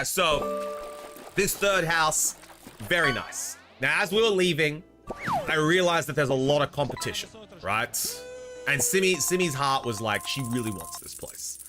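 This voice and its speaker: A young Australian man with an Australian accent and a mid-range voice streams live, chatting casually, rambling, and reading chat messages aloud.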